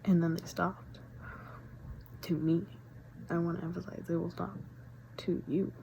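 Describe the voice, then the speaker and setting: Gravelly low young woman, rambling. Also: flat delivery, a little slow, warm tone, a little hiss or hum, rough recording. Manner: rambling with many fillers, often dropping to a whisper. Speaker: vlogger. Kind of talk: casual rambling chat.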